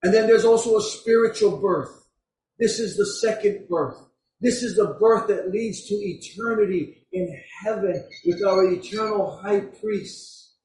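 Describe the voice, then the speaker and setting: Male pastor, unhurried storytelling sermon, heard from afar with faint room ambience. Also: sits high, darkish tone, slight background noise. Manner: storytelling preacher, slow and deliberate. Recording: echoey room from far off.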